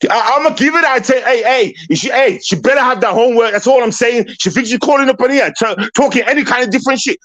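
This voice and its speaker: A man's voice: extremely high pitch, quick pace, few pauses, fairly bright tone. A man hosting a livestream call-in, confrontational and repetitive, swearing and ranting at a caller. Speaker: livestream host.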